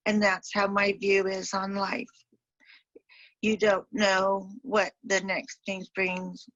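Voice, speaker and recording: A woman, a deafblind entrepreneur, giving a convention talk with animated storytelling and voiced quotes. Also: mid-range voice, dry recording, dull audio. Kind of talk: storytelling speech. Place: home, remote convention talk.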